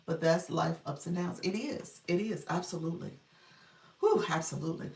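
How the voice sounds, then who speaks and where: A woman's voice: fairly low pitch, moderate pace, gravelly, a little mellow, recorded from a distance, slight background noise. A middle-aged woman chatting on a live stream as a coach, reading viewers' comments aloud and laughing often. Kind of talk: casual live-stream chat. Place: room at home, child heard in background. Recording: roomy livestream audio from off-mic.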